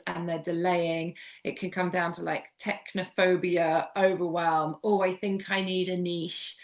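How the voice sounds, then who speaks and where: Chatty woman from the UK. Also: on the low side. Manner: chatty, repeats words for emphasis, laughs easily. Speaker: guest homeopath. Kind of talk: casual podcast interview.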